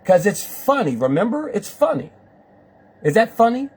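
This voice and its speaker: A man with a high, husky voice runs a live stream. He hammers his guests with the same question over and over in a preachy, insistent tone, his pitch swinging widely. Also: very animated, moderate pace. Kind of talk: confrontational live call-in chat.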